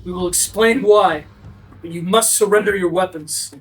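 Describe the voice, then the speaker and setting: A man's voice: high-pitched, moderate pace, recorded from a distance, soft background music, natural voice. A man voicing a stern male village elder who sets his terms formally.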